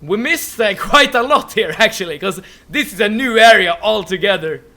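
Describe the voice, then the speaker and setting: Soft game music plays as a young Swedish-accented streamer talks with viewers mid-game. His high-pitched voice is expressive at a moderate pace, and he stammers, repeats words frequently, and laughs a lot.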